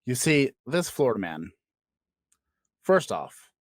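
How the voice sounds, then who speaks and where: A man's voice: medium pitch, big pitch swings, takes it slowly, dry recording. A man co-hosting a comedy podcast, spinning absurd made-up stories in a playful, joking way. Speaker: podcast co-host.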